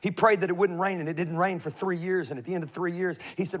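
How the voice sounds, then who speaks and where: Male pastor, high-pitched, funny animated sermon storyteller, shifts between loud punches and soft asides. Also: fast talker, few pauses. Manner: swings from loud emphasis to quiet asides.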